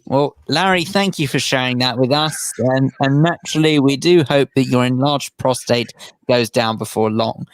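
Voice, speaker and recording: A man's voice: mid-range voice, normal speed, no echo, rough recording. A man co-hosting a radio chat show who makes dry, mock-formal jokes. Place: radio studio.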